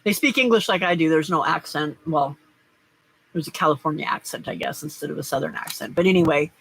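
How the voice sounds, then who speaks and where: A woman's voice: deep voice, brisk, vocal fry, fairly bright tone, a little hiss or hum, low-quality recording. A middle-aged woman hosting a casual live stream, chatting and rambling as she crafts and answers viewers' comments. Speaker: livestream host.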